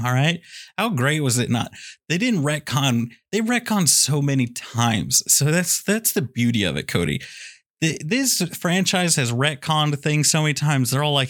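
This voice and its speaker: A man's voice: on the high side, normal speed. Rambling, joking male podcast co-host. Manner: rambling, joking, animated storytelling. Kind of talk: casual movie review chat.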